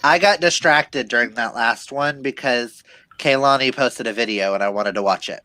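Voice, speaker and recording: A man co-hosting a reading livestream, chatting casually and telling animated stories while laughing often. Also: mid-range voice, moderate pace, no room sound. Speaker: livestream co-host.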